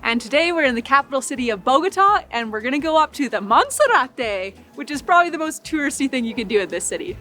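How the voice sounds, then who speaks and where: A woman's voice: high voice, very animated, quick pace, few pauses, music in the background. Upbeat chatty woman travel vlogger. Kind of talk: casual travel vlog.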